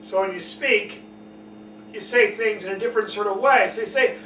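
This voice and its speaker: A man teaching public speaking, talking emphatically and deliberately swinging between loud and soft, fast and slow. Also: high voice. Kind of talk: spoken lesson on public speaking. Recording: echoey room, mic at a distance, faint hum.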